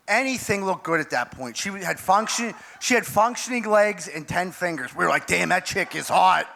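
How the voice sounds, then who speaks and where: A man performs stand-up on a live stage with a bright, gravelly voice. He tells his story in a loose, rambling way and acts out what other people said. Faint noise from the room sits behind him. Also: high-pitched. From Pittsburgh area, US. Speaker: stand-up comedian. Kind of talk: stand-up comedy set. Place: live comedy venue with audience.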